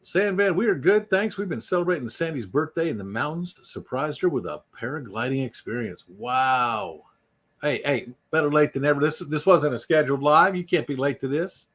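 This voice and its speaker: A man hosts an unscripted YouTube live chat in a fairly high, fairly bright voice, expressive and moderately paced. He jokes and rambles casually as he greets viewers by name.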